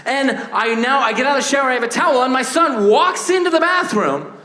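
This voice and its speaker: A man in his thirties doing a stand-up comedy set, animated, acting out voices and shouting punchlines. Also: very high voice, a little fast, roomy sound. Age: 30s. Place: stage before a laughing audience.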